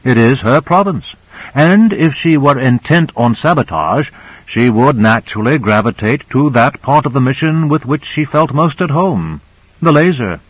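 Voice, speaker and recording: A man's voice: mid-range voice, animated, normal speed, breathy edge, dry recording, voice pushed up, low-quality recording. A male narrator voicing Michaels, a wry, melancholy man who probes with dry, knowing remarks. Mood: probing. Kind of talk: audiobook character reading.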